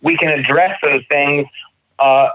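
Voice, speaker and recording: A man in his thirties, a podcast co-host, telling stories in casual chat, animated and swearing freely. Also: fairly high pitch, a little slow, slight background noise. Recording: dull lo-fi sound.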